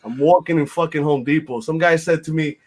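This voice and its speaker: A man's voice: fairly high pitch, fairly quick, a little mellow. A man, hosting a casual podcast chat in a blunt, rambling, profane way with lots of fillers. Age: 50s. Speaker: podcast host.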